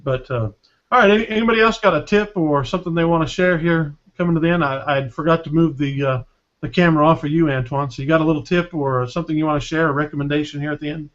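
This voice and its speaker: Male host, mid-pitched, halting with many fillers, dull-sounding call audio. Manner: hesitant, many fillers, friendly moderating. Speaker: podcast host. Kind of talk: casual chat.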